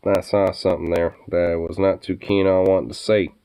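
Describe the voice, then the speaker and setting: A man with a very deep voice talks casually for his vlog. He is laid-back and swears freely, and he slips into soft, cooing talk with his pets. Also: little pitch movement, fairly quick, clean tone. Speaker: vlogger. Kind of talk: casual chat.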